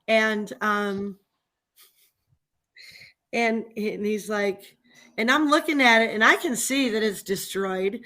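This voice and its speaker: Woman venting on a livestream, kinda high bright voice, laughs a lot, fired up. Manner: animated, venting, laughs often. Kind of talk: casual chat.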